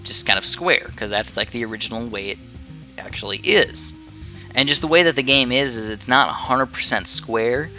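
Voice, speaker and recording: A man's voice: mid-range voice, moderate pace, pushed and bright, soft background music. A young man giving rambling, casual commentary over a game he is playing, with many fillers and restarts. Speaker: gaming video creator.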